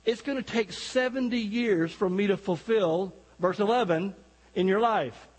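Folksy guest preacher, male, high husky voice, long church reverb. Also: measured pace. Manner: folksy, joking, talks directly to the congregation. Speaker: guest pastor. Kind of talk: sermon. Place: church sanctuary.

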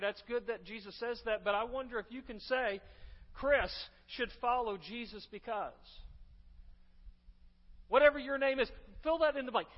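High-voiced man preaching in a reverberant hall. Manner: emphatic preaching, repeating key phrases with rising force. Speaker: pastor. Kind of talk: sermon. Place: church sanctuary. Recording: dull sound with long church reverb.

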